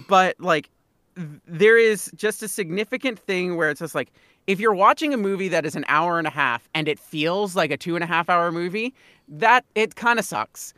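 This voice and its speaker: A woman's voice: fairly low pitch, normal speed, fairly bright tone, dry recording, studio quality. A woman co-hosting a podcast in casual chat, talking emphatically and repeating herself to drive points home. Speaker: podcast co-host.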